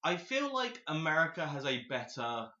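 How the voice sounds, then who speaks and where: A man's voice: a little high, sing-song, normal speed, bright, forceful tone. A man co-hosting a casual podcast chat, hesitant and restarting often, swearing freely. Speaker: podcast co-host. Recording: dull lo-fi echoey room.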